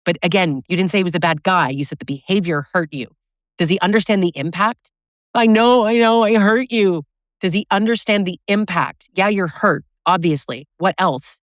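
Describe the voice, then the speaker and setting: A woman's voice: lowish voice, brisk, fairly bright tone, no echo, studio quality. A woman relationship coach giving a direct, conversational talk, often asking rhetorical questions. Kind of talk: educational talk to camera.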